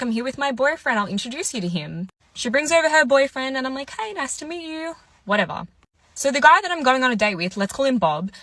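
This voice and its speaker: The recording is dry, and her voice is high and sharp. She's in her twenties, chatting through a dating anecdote as a casual monologue and mimicking each person's lines.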